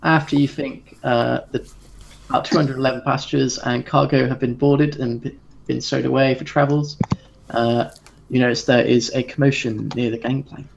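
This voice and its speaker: A man's voice: mid-range voice, flat delivery, moderate pace, vocal fry, a little hiss or hum. A man narrating as the game master of a tabletop horror game, in a casual, chuckling, loose style. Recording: dull lo-fi recording.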